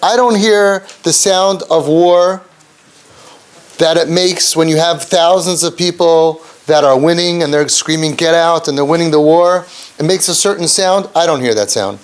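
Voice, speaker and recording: A man giving a Torah lesson, telling the story with lively, acted-out quotes. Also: moderate pace, clean tone. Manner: animated storytelling, acting out quotes with pitch jumps; mixes Hebrew and Yiddish terms into English.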